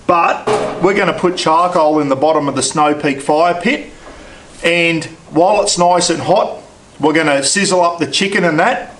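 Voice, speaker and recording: A man's voice: a little high, normal speed, fairly bright tone. A man with an Australian accent chatting casually in a folksy, colloquial way as he presents a cook-up in his home shed. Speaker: cooking vlogger. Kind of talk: casual outdoor cooking vlog.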